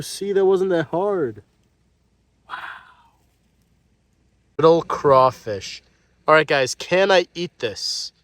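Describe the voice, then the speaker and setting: A man hosting a fishkeeping vlog, chatting casually and excitedly to his viewers with rambling asides. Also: a little high, no room sound. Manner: rambling with fillers. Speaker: fishkeeping channel host.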